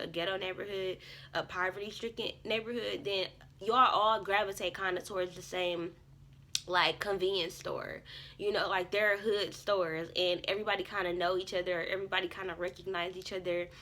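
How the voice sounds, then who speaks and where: A young woman telling a casual storytime on her vlog. She talks in a bright, forceful way, full of curses. She bursts into loud, lively bits of her own self-talk. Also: mid-range voice. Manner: animated, profane, swings into loud self-talk. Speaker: vlogger.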